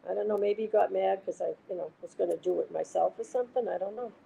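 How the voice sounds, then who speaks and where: Gravelly Boston woman chatting casually. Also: medium pitch, fast talker, warm tone, slight background noise, rough recording. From Massachusetts. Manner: chatty, rambling, retells conversations. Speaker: host. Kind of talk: casual chat with viewers.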